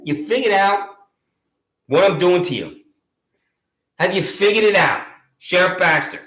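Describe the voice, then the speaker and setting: Combative male ranter, high-pitched and bright, sarcastic accusatory tone, roomy echo. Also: animated, unhurried. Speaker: video channel host. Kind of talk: angry monologue to camera.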